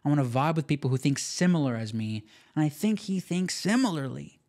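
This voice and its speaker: Excitable slangy podcast host, man. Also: a little high, brisk. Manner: excitable, slangy, full of "like" and "dude". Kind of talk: casual podcast commentary.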